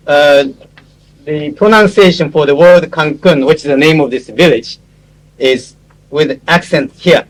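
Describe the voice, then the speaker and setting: A man's voice: on the high side, low-quality recording. Man lecturing. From Japan. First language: Japanese. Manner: explanatory, halting, with frequent pauses and asides. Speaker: lecturer on interpreting. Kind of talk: classroom lecture with visual aids.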